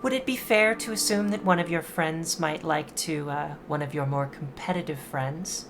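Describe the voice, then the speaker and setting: A woman's voice: low-pitched, background noise, lightly acted. Woman doing a gracious courteous witch. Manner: polite, measured, soft-spoken.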